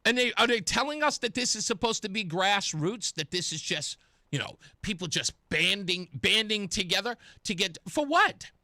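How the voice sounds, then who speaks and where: A male talk radio host with a high, bright voice that leaps around as he speaks. He talks slowly and sarcastically, full of indignation. The studio sound is dry and close, with faint music underneath. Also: animated, no echo. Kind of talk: political talk radio commentary.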